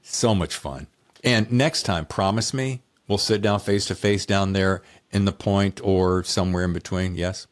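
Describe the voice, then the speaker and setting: Low-voiced chatty male podcast host. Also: measured pace. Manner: chatty, upbeat, laughs easily. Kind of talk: casual interview chat.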